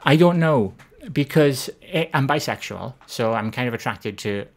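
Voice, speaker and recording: A woman's voice: very deep voice, lively intonation, moderate pace. A woman hosting a casual live-stream Q&A, talking in a hesitant, rambling, self-deprecating way.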